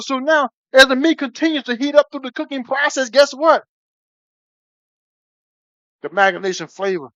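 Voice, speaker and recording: A man cooking on a live stream, talking excitedly to his viewers, calling them baby again and again and breaking into whoops. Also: very high-pitched, dry recording. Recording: dull lo-fi stream audio.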